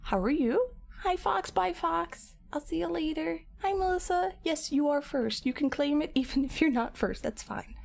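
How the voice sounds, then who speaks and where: A woman chatting casually with live viewers while she sculpts at her art desk, greeting people by name and dropping into soft mutters now and then. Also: high-pitched, animated, moderate pace, creaky. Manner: drops into soft mutters and whispers. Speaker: streamer. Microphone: camera mic.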